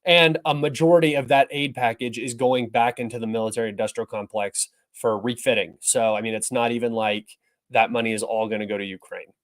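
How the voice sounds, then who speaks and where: A man's voice: mid-range voice, steady tone, fairly quick. A young man hosting a livestream, talking through news articles in an offhand, rambling, opinionated way. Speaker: livestream host. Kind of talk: casual livestream news commentary.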